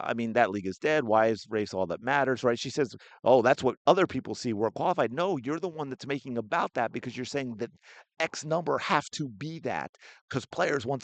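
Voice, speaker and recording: A man's voice: medium pitch, no echo. A man hosting a sports podcast, giving heated, indignant solo commentary.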